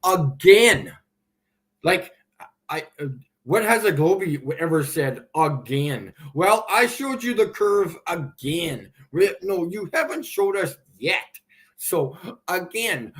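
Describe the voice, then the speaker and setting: A man's voice: high voice, expressive, slow pace. A man hosting a livestream, ranting sarcastically and with exasperation as he answers viewers' comments. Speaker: livestream host. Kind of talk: ranting live stream commentary.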